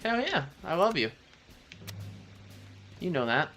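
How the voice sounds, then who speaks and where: A man's voice: high voice, sing-song, slow pace, pushed and bright, soft background music. A man casually chatting on his live stream as he plays a shooter, loose and profane, rambling and talking to his cat. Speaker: gaming streamer. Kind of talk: casual live-stream chat while playing.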